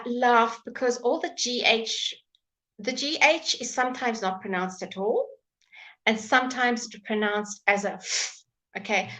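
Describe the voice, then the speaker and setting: A woman teaching a live online English pronunciation lesson from home, patient, repeating words slowly for learners to copy, with dry asides and soft laughs. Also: medium pitch, poor audio.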